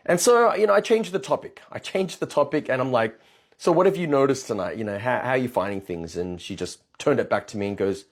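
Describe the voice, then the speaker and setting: A man's voice: mid-range voice, lively intonation, a little fast. A man who works as a dating coach, telling a blunt, profane story in a storytime rant.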